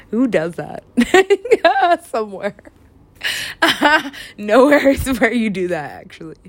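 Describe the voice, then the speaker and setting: A woman's voice: a little high, very animated, slow pace, long pauses, dry recording. A woman from the US West Coast in a loose, rambling casual chat, laughing often, swearing freely and slipping into silly voices. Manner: giggly, swears a lot, acts out silly voices.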